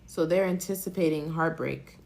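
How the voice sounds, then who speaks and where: A woman's voice: low-pitched, moderate pace, vocal fry, darkish tone. A woman giving a live-stream tarot reading, talking emotionally and rambling, with casual swearing. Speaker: tarot reader.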